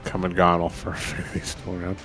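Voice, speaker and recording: A man's voice: sits low, monotone, brisk, fairly bright tone, soft background music. A man hosting a live game stream, chatting casually and playfully, laughing often. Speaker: stream host.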